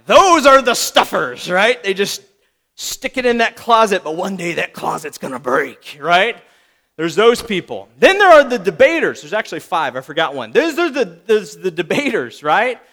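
A man with a very high voice gives a sermon in a relaxed, conversational tone. His pitch swings widely as he talks, and he breaks into playful little voices for examples. He keeps checking in with "right?". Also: normal speed.

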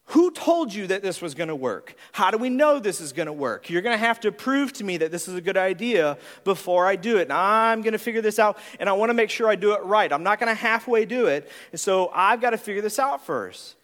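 A man preaching a sermon, animated, acting out different personality types in quick voices. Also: sits high, in a large hall. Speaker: pastor.

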